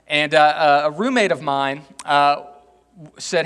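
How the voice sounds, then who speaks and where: A man's voice: a little high, takes it slowly, fairly bright tone, clean tone. A male pastor from Texas giving a chatty, self-mocking sermon, often tossing "right?" to the congregation. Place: church sanctuary. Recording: echoey church hall.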